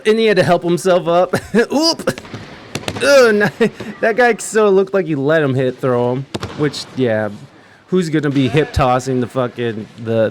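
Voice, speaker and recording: A man's voice: mid-range voice, gravelly, a little hiss or hum. A young man hosting a podcast, reading news aloud in a casual chat style and riffing with laughs and swearing. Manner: laughing, swearing, riffing between read lines. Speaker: podcast host.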